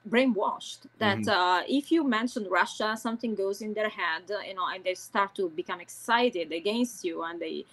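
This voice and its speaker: A woman from Italy with an Italian accent, a podcast guest speaking English as a second language, halting and searching for words but outspoken. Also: medium pitch, fairly bright tone, poor audio. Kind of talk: interview conversation.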